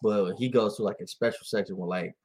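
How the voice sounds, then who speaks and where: A man chatting casually on a podcast, telling animated stories and laughing often. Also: lowish voice, a little fast. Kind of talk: casual chat.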